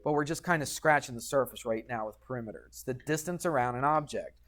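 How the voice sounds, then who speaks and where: A man's voice: medium pitch, quick pace, a bit bright. A man teaching a geometry lesson in a classroom, patient and chatty, often checking in with the students. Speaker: high school math teacher.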